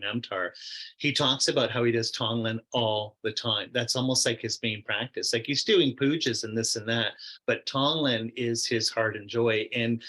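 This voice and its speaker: A middle-aged man teaching Buddhist meditation speaks in a medium register with a bright, forward timbre. He tells stories in a loose, conversational way, full of fillers, restarts and quoted asides. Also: mid-range voice, poor audio. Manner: chatty and rambling, many fillers, quoted asides. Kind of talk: casual storytelling in a Q&A discussion.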